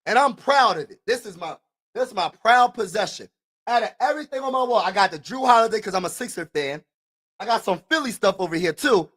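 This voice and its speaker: A middle-aged man from Pennsylvania vlogging as a sports fan, talking in an animated, emphatic way, repeating himself and sometimes shouting. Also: high voice, brisk. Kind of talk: excited casual fan vlog.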